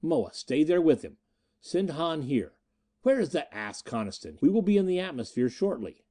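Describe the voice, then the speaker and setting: A man voicing a sardonic, commanding male pirate captain with a rasping note in an audiobook. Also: a little high, sing-song, moderate pace, warm tone, voice pushed up.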